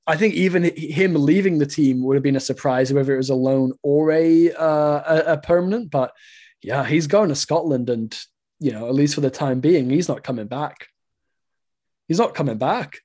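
A man's voice: a little high, darkish tone. A man from England co-hosts a soccer podcast in easygoing chat, speaking in a somewhat raised register. He rambles through fillers and laughs often. The sound comes through a video call. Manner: rambling, chuckling, lots of fillers. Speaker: podcast co-host.

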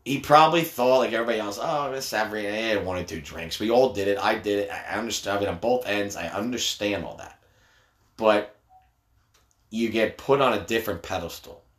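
A man's voice: lowish voice, brisk, fairly bright tone. A middle-aged man, a father, talking bluntly and swearing a lot in casual banter with his teenage son. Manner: blunt, heavy swearing, teasing. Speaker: father, podcast co-host. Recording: echoey room.

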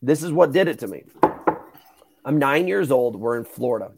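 A young man hosting a podcast, telling stories in a casual, animated way, swearing and acting out the voices of the people in them. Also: medium pitch, normal speed, gravelly, breathy edge. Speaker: podcast host. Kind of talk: casual storytelling chat.

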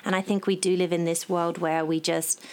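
A woman in her thirties speaks as a guest in a relaxed chat, earnest and passionate, often circling back to restart her thoughts. Her voice sits a little low for a woman. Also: fairly quick. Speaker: guest author and nutritionist. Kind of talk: casual interview chat.

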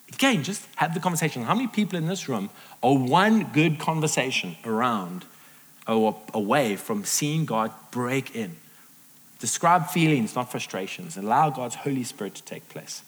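A middle-aged man preaching a sermon to a live audience, lively and acting out the voices he quotes. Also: a little high. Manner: animated, acts out quoted voices. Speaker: pastor. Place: large hall with audience. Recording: reverberant hall.

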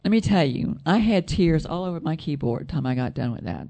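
A woman telling a personal story in casual chat, soft-voiced, rambling and correcting herself as she goes. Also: low-pitched, expressive, brisk, vocal fry. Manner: rambling, self-correcting storyteller with frequent laughs.

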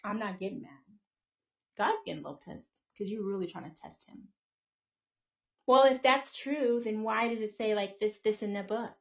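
A woman's voice: medium pitch, normal speed, vocal fry. A woman hosting a podcast, delivering a live, profane, confrontational rant in a preachy tone. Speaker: podcast host. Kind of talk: live ranting monologue. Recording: muffled lo-fi audio.

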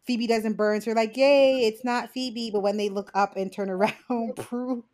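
A woman's voice: medium pitch, fairly even intonation, normal speed, darkish tone. A woman co-hosting a podcast, telling a TV episode's plot in a playful, frank way and laughing often. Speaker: podcast co-host. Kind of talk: casual TV episode recap.

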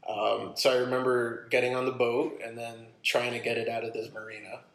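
A man casually telling a long personal story, animated and acting out what people said. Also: medium pitch, a little fast. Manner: animated, acts out his own quotes. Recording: roomy echo.

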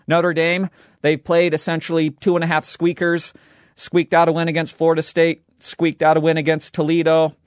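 Young guy doing a sports betting show, kinda high voice, jokey and punchy, dead dry sound. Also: no echo. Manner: animated, joking, emphatic. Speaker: sports podcast host. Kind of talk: scripted sports commentary.

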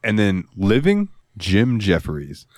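A man co-hosting a podcast in casual, profane, animated chat. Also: on the low side, measured pace, dry recording, clean studio sound. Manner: animated, profane, laughs a lot. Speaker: podcast co-host.

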